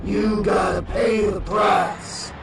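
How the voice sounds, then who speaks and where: Possessed man, guttural and gravelly, slow and high-pitched, put on by a male narrator. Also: steady tone, some chatter behind, a little hiss or hum, exaggerated voice. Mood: menacing. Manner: slow, shouted menace.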